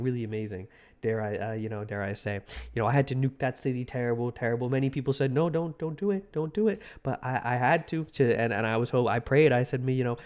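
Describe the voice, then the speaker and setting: A man's voice: mid-range voice, darkish tone, pitched below the performer's own voice, close to an everyday voice. A man putting on an impression of a rambling, boastful older male politician who halts and repeats himself. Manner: halting, repetitive, self-congratulating.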